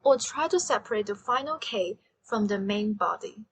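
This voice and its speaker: A woman teaching a language lesson, slowly and carefully demonstrating sounds and tones. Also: medium pitch, lively intonation, slightly rough, poor audio.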